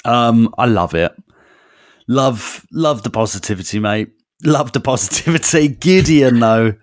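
A man's voice: mid-range voice, unhurried, no room sound, clean studio sound. A man co-hosting a casual podcast, reading out listener comments and chatting with his co-host. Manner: animated, reads out listener comments.

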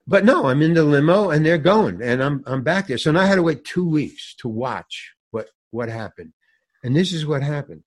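An older man with a somewhat high voice tells an animated story, his pitch bouncing all over as he plays out every character. He laughs mid-sentence and swears casually, like a seasoned storyteller in an interview. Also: moderate pace. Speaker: guest actor telling a story. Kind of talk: animated anecdote with acted-out quotes.

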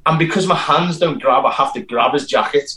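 Animated man telling stories. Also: fairly high pitch, a little fast, low-quality recording. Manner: animated storyteller, frequent restarts and stammers. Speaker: stunt performer and actor. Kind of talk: casual interview chat.

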